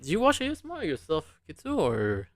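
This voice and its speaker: A man's voice: on the high side, huge pitch swings, fairly quick, a bit bright. A man hosting a podcast in casual chat, talking loosely and stammering on restarts. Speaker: podcast host.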